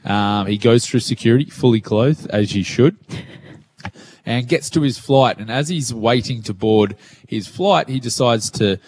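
A man's voice: mid-range voice, a little slow, darkish tone, breathy edge. A man with an Australian accent co-hosting a radio show from his living room, joking and laughing often. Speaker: radio co-host. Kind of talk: casual chat.

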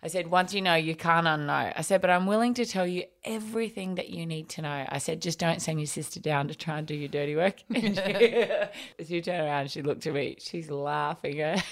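A woman's voice: deep voice, moderate pace. A woman telling a family story in casual chat, laughing often as she goes. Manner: animated, laughs often while telling stories.

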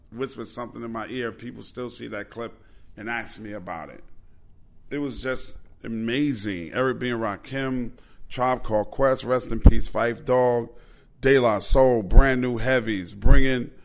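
A man hosts a podcast, telling loose, profane anecdotes. His low voice has a gravelly edge. He talks in a casual, animated way. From Queens, New York. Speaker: podcast host. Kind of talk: casual storytelling.

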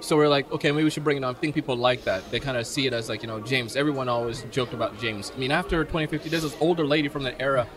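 A man speaking as a guest in casual conversation, quick and loose with fillers. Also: medium pitch, crowd noise.

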